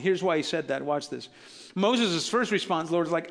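A man preaching with a high, ringing voice that stays near the top of the male range. He talks to the congregation in a casual, joking way and slips into little voices for the people in his Bible stories. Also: fairly quick. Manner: conversational and animated, acting out Bible characters with casual asides. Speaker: pastor. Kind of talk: sermon.

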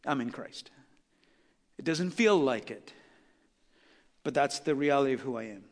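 A pastor preaching a sermon, building to loud, impassioned peaks with repeated emphatic phrases. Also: male voice, mid-range voice, lively intonation, moderate pace. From Southern California. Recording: long hall reverb.

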